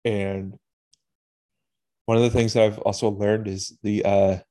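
A man hosting a podcast, talking through his feelings in a halting, candid, emotional way and swearing casually. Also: lowish voice, little pitch movement, dark tone. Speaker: podcast host. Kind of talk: personal reflective monologue.

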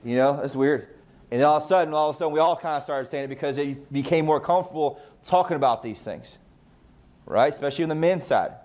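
A man's voice: a little high, fast, a little mellow. A man coaching real estate agents on client communication, emphatic and full of rhetorical questions he answers himself. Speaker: sales trainer.

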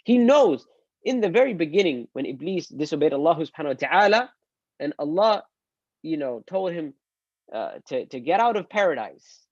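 Guy teaching islam online, kinda high voice, dull dry lo-fi sound, gets animated. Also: normal speed, dry recording. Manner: animated, acts out quoted speech. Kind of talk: online religious lesson.

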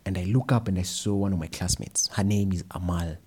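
A young man with a Kenyan accent giving a personal storytelling talk, animated and slipping Swahili phrases into his English. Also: sits low, fairly quick, husky. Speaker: speaker.

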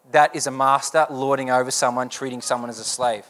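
A man's voice: medium pitch, steady tone, brisk, fairly bright tone. A young adult man preaching a sermon as pastor, asking earnest repeated rhetorical questions.

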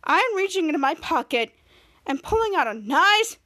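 Woman doing a cocky teen boy, very high. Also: big pitch swings, normal speed, sharp tone, exaggerated voice.

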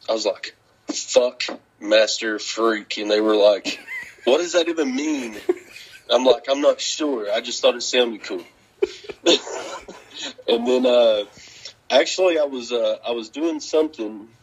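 A man's voice: medium pitch, breathy edge, highs cut off. A man telling rambling stories in a casual interview, laughing often, cursing and acting out what people said. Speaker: guest, wrestler.

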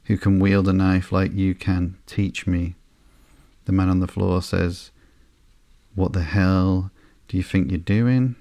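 A man hosting a sleepy podcast, reading through a comic slowly and flatly with frequent ums and uhs. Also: deep voice, creaky, no echo, clean studio sound. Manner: slow, flat and unhurried, with frequent ums and uhs. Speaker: podcast host.

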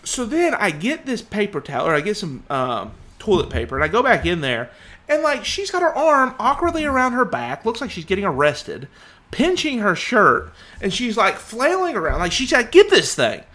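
A man's voice: high-pitched, normal speed. A man in his thirties, a podcast co-host, telling a story in casual chat and acting out the voices he quotes. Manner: animated, acts out quoted voices.

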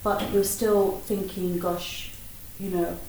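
A woman's voice: lowish voice, steady tone, a little slow, mellow, slight background noise. A woman in a group discussion, asking a thoughtful question and searching for her words. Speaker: student in discussion. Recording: echoey room, mic far away.

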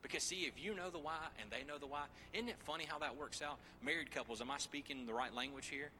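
Bright-voiced joking man preaching. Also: a little high, quick pace, slight background noise. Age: 30s. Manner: joking, lively asides to the congregation. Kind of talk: sermon.

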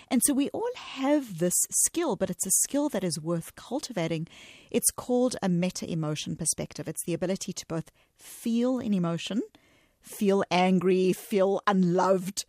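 A woman's voice: on the low side, a little mellow, no echo, clean studio sound. A woman, an author and guest, explaining her ideas in an interview in an articulate, emphatic way.

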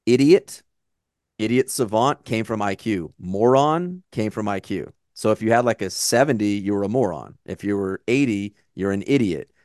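A man's voice: fairly low pitch, lively intonation, normal speed, darkish tone, dry recording, studio quality. A man co-hosting a podcast, chatting casually about a movie in a blunt, profane, rambling way. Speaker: podcast co-host. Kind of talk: casual movie-review chat.

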